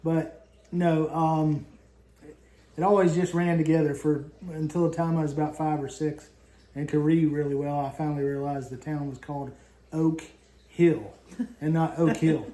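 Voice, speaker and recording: Fifties man, folksy rambling vlog co-host, high-ish but mellow voice, echoey room. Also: flat delivery, moderate pace. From southern West Virginia. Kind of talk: casual chat.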